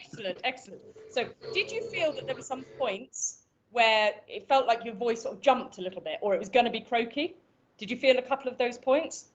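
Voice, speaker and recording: Irish woman, voice coach, higher voice, muffled call audio, instructive. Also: expressive, fairly quick. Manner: instructive, demonstrates vocal exercises. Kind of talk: online voice coaching class.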